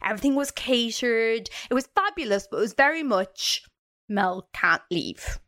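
A woman co-hosting a podcast, retelling a story in casual, animated chat, with frequent fillers and laughter. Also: fairly high pitch, moderate pace. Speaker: podcast co-host and researcher.

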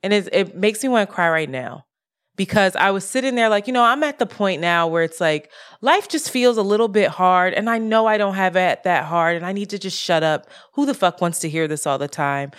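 A woman co-hosting a podcast, talking casually in a profane, animated rant about money and frustration. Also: fairly low pitch, clean tone. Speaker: podcast co-host. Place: lives in Brooklyn.

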